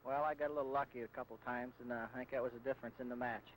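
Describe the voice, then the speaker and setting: Quick-talking modest bowler on old TV. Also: male voice, mid-range voice, steady tone. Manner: modest, easygoing. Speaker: bowler, defending champion. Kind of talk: casual on-air chat. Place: bowling alley. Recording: noisy old TV broadcast.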